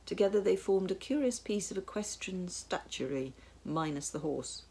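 A woman narrating a storybook tale in a measured, wry way. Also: medium pitch, animated, dark tone, breathy edge. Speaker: audiobook narrator.

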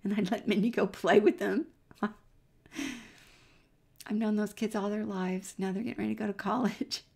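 A middle-aged woman giving an earnest personal faith testimony as a Christian speaker. She tells her story warmly and sometimes drops to a near-whisper. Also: medium pitch, fairly even intonation, normal speed, creaky, slightly rough.

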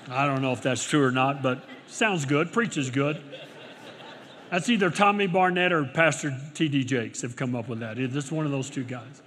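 A middle-aged male pastor preaching a sermon, swinging from loud exclamations to quiet storytelling, recorded in a large church auditorium. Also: mid-range voice, moderate pace, slight background noise. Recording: long hall reverb.

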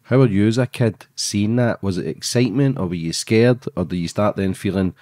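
A man's voice: lowish voice, fairly quick, darkish tone, no room sound, clean studio sound. A man hosting a podcast, asking his guest short, curious follow-up questions. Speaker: podcast host. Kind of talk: interview questions.

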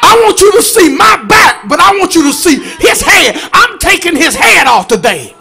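Shouting high-pitched preacher. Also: male voice, sing-song, normal speed, vocal fry. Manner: shouting, chanting, call-and-response with congregation. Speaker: pastor. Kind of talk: fiery preaching sermon. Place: church sanctuary.

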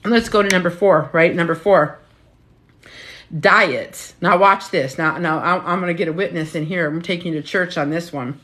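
A blunt woman in her fifties talks straight at the listener like a coach fired up about her cause. She is profane and preachy, tossing in "right?" again and again. Her voice sits a little low for a woman. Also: moderate pace, fairly bright tone, a little hiss or hum. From United States. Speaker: weight loss coach. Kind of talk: casual motivational talk.

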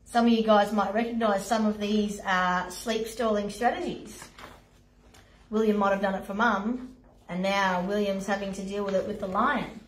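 A woman leading an online playgroup. She reads a picture book aloud and adds gentle explanations for parents. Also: medium pitch, steady tone, moderate pace. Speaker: early-years playgroup leader. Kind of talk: reading a picture book aloud to young children. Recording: roomy echo, voice from a distance.

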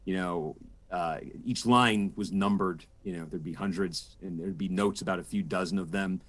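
A man's voice: low voice, steady tone, moderate pace. A man in his forties, a political correspondent, giving thoughtful interview answers with frequent restarts and fillers. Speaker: political correspondent and podcast host, guest.

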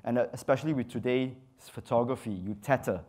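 A man's voice: mid-range voice, fairly quick, darkish tone. A man, a photographer, giving a casual talk on stage. He keeps asking "right?" and acts out what clients and models say. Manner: casual, chatty, tag questions, acts out quoted lines. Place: stage in a large hall.

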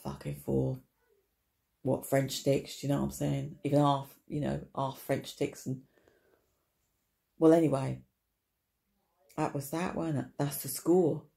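A woman spins a rambling, wry tale straight to camera, her voice low-toned, dark and gravelly. She swears offhandedly and keeps checking in with little tag questions, repeating her punchlines. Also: flat delivery, unhurried, long pauses. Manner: chatty, full of tag questions and repetition. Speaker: vlogger. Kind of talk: rambling comic storytelling to camera.

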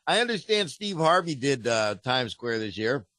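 A man's voice: medium pitch, very animated, normal speed, sharp tone, no room sound, studio quality. A man who works in radio, co-hosting a podcast in playful, chuckling casual chat. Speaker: podcast co-host and radio announcer.

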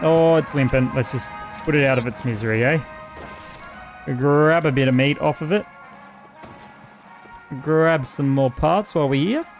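On the high side and a little slow, with long pauses, an Australian man hosts a let's-play against soft background music. He swears freely, keeps things casual, and talks back to the game's characters.

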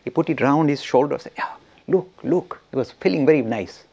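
A man teaching religious history by storytelling, animated and laughing, often restarting his sentences. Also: medium pitch, fast, gravelly. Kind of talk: storytelling lecture.

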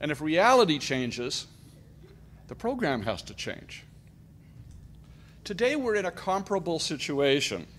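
A middle-aged man from Canada delivering an emphatic, deliberate political speech at a conference. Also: fairly high pitch, sing-song, a bit bright, a little hiss or hum. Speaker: conference speaker.

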